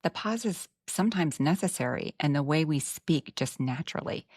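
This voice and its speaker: A woman's voice: low voice, animated, moderate pace, a little mellow, slightly rough, dry recording, studio quality. A woman with a Texan accent hosting a podcast chat, earnest and reflective with frank asides. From Texas. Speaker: podcast host. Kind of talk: casual podcast conversation.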